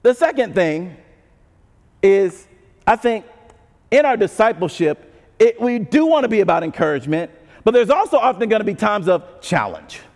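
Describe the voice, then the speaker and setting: A man preaching a sermon as pastor, conversational and animated, with frequent asides to the congregation. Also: sits high, normal speed. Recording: long hall reverb.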